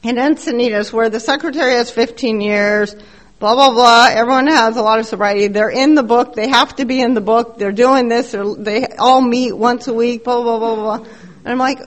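A woman's voice: on the high side, steady tone, moderate pace. Blunt woman sharing her recovery story. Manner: candid, blunt, profane, self-mocking. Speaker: recovery meeting speaker. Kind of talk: personal recovery share.

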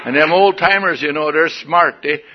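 An older man gives a folksy, wry personal testimony before an audience at a recovery meeting, his voice on the high side at a moderate pace. The highs are cut off and the background is noisy.

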